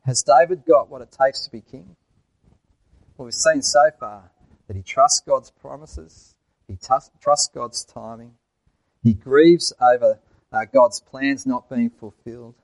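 A man's voice: medium pitch, unhurried, no echo, low-quality recording. A man preaching a sermon in church, asking the congregation questions and telling jokes.

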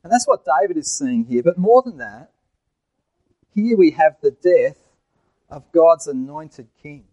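A man's voice: on the high side, very animated, unhurried, mellow, no echo, poor audio. A man preaching a sermon in church, asking the congregation questions and telling jokes.

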